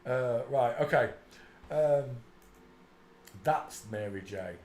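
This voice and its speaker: A man's voice: medium pitch, animated, takes it slowly, darkish tone. Laughing man in an echoey room. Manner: mocking, laughs a lot, mutters to himself. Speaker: channel host. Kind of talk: casual live-stream commentary. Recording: roomy echo with faint background noise.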